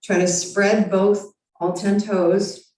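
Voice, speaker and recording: A woman teaching a yoga class, giving calm, encouraging step-by-step cues for foot massage and balance work. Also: medium pitch, slow pace. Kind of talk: guided yoga instruction. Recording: very echoey room, far from mic.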